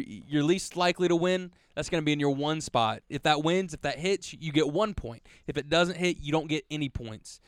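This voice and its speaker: A man's voice: on the high side, clean tone, no echo, clean studio sound. A man hosting a casual podcast, wisecracking and explaining things at length. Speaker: podcast host.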